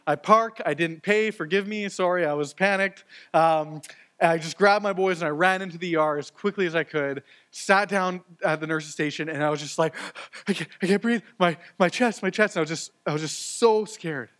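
An earnest man in his thirties preaches a sermon, speaking casually and personally, with frequent fillers and restarts. His voice sits slightly high for a man. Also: fairly quick, a bit bright. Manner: earnest, conversational, with repeated words and fillers. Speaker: pastor.

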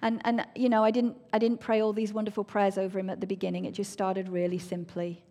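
Woman telling her faith story, earnest and emotional, goes soft and hushed sometimes. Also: medium pitch, level tone, quick pace. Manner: earnest, emotional, drops to soft near-whispers. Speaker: speaker sharing a personal testimony. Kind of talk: personal faith testimony.

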